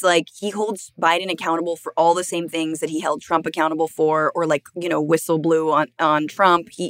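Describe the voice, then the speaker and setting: A woman's voice: lowish voice, no echo, studio quality. A woman co-hosting a podcast, chatting casually with lots of fillers and jokes. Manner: animated, joking, lots of fillers. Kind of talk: casual chat.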